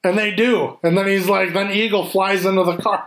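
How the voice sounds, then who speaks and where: A man in casual chat, animated and swearing freely as he acts out scenes. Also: high-pitched, moderate pace.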